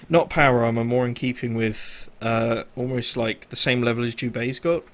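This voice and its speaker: A man's voice: medium pitch, fairly even intonation, a bit bright. Man running a tabletop sci-fi game. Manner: casual, filler-heavy narration with quick voiced asides. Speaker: game master.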